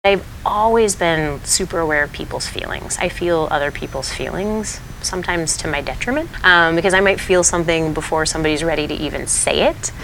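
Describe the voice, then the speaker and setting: A woman's voice: low voice, brisk, vocal fry, hardly any pauses, a bit bright, slight background noise, poor audio. A woman kindergarten teacher talking in a casual interview, earnest and heartfelt, with many fillers and restarts. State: tearful at times.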